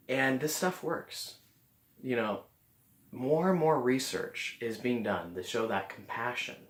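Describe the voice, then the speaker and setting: Man, casual vlog talk, earnest and rambling, echoey room. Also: fairly low pitch. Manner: earnest, rambling with frequent restarts. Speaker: vlogger. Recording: roomy echo.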